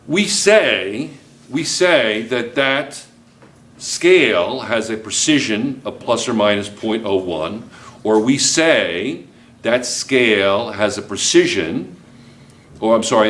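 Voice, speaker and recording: A man's voice: lowish voice, fairly bright tone. A male chemistry teacher, giving a joking classroom lecture and constantly checking in with students.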